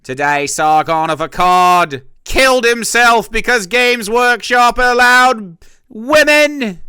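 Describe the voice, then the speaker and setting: A man putting on a loud, hammy caricature of a British working-class bloke. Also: very high voice, lively intonation, takes it slowly, clear, resonant tone, no echo, pitched above the performer's own voice, exaggerated voice. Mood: mocking.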